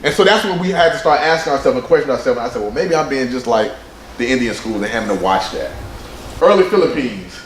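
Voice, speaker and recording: A man presenting with slides at a conference, animated and conversational, slipping into other people's voices when he quotes them. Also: medium pitch, fast, slight background noise. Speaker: presenter at a men's summit. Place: conference room. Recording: roomy hall sound with faint ambience.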